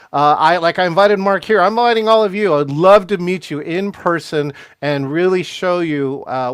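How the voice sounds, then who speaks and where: A man hosting a podcast interview, energetic and upbeat, with frequent fillers and restarts. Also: a little high, clean tone, no echo, studio quality. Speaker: podcast host.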